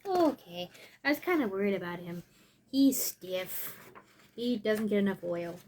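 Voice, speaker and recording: A woman's voice: medium pitch, expressive, unhurried, warm tone, a little hiss or hum. A woman reading a story aloud in a playful way, with chatty asides. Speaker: storyteller reading to toy robots.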